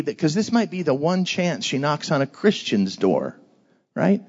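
Lively man preaching to a kids' church. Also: a little high, normal speed, highs cut off. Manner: energetic, call-and-response with the audience. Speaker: pastor. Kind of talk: lively sermon for children.

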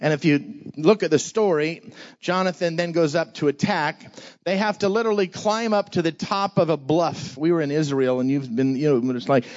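A fairly high-voiced man preaches an energetic sermon to children in a church hall. He draws the crowd into call-and-response between stories. The recording sounds dull and lo-fi. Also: moderate pace. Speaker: pastor.

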